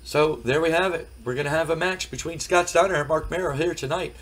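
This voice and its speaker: A hoarse man casually commenting on a wrestling management game, rambling with many fillers. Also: a little high, fairly quick, a bit bright, low-quality recording. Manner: rambling, frequent fillers, recapping results. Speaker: game streamer. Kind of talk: casual let's play commentary.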